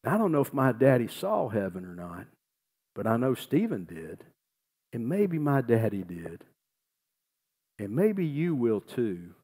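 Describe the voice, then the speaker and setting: A man's voice: mid-range voice, sing-song, moderate pace, a little mellow, husky. A man, a pastor preaching a sermon and telling a family story in a folksy, earnest way. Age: 60s.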